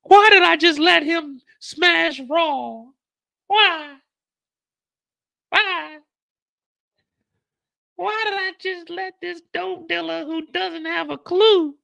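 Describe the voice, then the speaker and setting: A man voicing a young woman sobbing and wailing in a shrill falsetto. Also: slow pace, creaky, pauses often, sharp tone, heavily acted.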